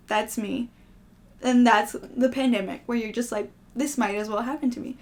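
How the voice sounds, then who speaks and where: A woman's voice: high-pitched, steady tone, moderate pace. A young woman vlogger in casual, rambling, self-deprecating chat to camera, often laughing.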